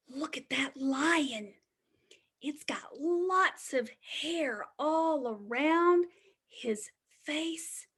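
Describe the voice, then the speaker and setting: A woman's voice: high voice, breathy edge. A woman teaching preschoolers, reading a picture book aloud in a sing-song, exaggerated storytime voice with whispered asides. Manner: slow, exaggerated storytime delivery.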